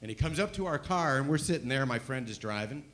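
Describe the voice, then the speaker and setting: A man telling a stand-up story, animated and swinging between loud bursts and hushed asides. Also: mid-range voice, fast talker. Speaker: stand-up comedian.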